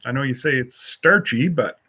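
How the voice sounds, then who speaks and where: A man's voice: medium pitch, moderate pace, bright, forceful tone, husky. A man hosting a casual solo live stream, rambling as he reads and answers viewer comments with a folksy, teasing manner.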